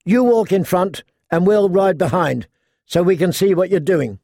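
A defiant young girl, blunt and wary, as a male narrator puts her on. The voice is raised above his own and carries a gravelly edge, heard up close in a dry, dead space. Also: sits high, moderate pace, dark tone, no room sound, pitched above the performer's own voice.

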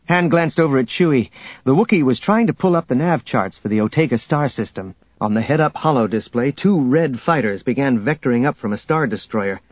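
A man narrating an audiobook in a steady storytelling manner, in a dull, dry recording. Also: medium pitch, brisk, no echo.

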